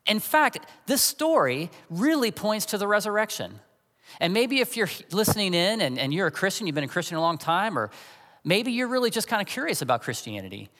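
A man's voice: high-pitched, a bit bright, long reverb tail. A man in his forties preaching a sermon as a pastor, talking in a conversational, storytelling way.

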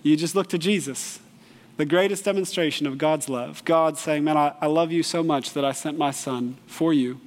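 A man giving a sermon as pastor, earnest and lively, with bursts of animated storytelling. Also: a little high, moderate pace, in a large hall.

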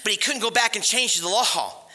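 A man preaching a sermon in an animated, conversational way, asking his listeners questions. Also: high voice, moderate pace. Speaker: pastor.

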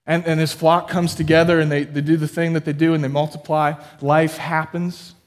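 A man preaching a sermon as pastor, building emphatically to loud peaks and dropping low again, putting questions straight to his listeners. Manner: addresses listeners directly with questions.

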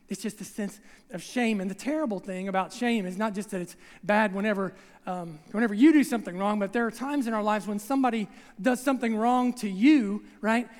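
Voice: mid-range voice, in a large hall. A preacher giving a conversational sermon who acts out scenes and keeps checking in with the congregation, recorded in a church sanctuary.

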